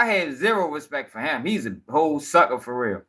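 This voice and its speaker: A man's voice: fairly high pitch, big pitch swings, brisk, sharp tone, breathy edge. A man hosting a live-stream news show, ranting in casual, profane, rambling talk and sounding tired.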